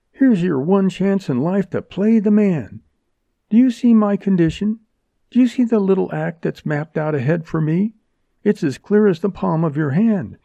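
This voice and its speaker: A man's voice: high-pitched, gravelly, dry recording, voice pushed up, heavily acted. A man reading an audiobook, voicing a fierce, commanding young woman held captive by outlaws. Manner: sharp, commanding, urgent. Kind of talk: audiobook character voice. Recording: dull lo-fi recording.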